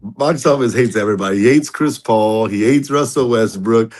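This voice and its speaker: A man's voice: mid-range voice, moderate pace, darkish tone. A man hosting a casual sports debate over an online call, teasing his co-hosts, laughing a lot and using slang. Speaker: show host.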